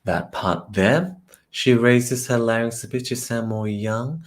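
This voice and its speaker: Male vocal coach, mid-range voice, unhurried delivery, analytical reaction commentary with excited sung examples. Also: medium pitch. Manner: analytical, breaks down vocal technique; excited, sings short phrases to demonstrate.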